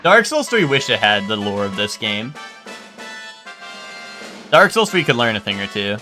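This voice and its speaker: Young male streamer: bright, animated, rambling, swears, faint background music. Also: fairly low pitch, unhurried. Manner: rambling, swears a lot, full of "like". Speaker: game streamer. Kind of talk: casual live-stream chat.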